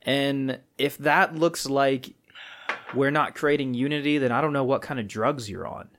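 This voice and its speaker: A man co-hosting a casual podcast, joking around and dropping in quick remarks. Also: medium pitch, steady tone, fairly bright tone. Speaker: podcast co-host.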